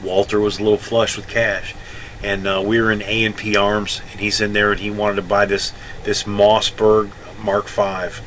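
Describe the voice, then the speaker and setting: A man's voice: on the low side, level tone, normal speed, a bit bright, a little hiss or hum, poor audio. A man in his sixties, a Navy veteran telling a rambling story casually, often correcting himself. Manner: rambling, self-correcting, chatty.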